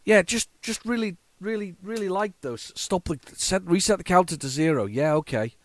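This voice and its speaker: A man in his forties with a fairly high voice hosts a retro gaming channel, offering casual off-the-cuff commentary at normal speed while a tape loads. He rambles nostalgically, often stammering, restarting, and repeating words. The recording is low quality, with no room sound.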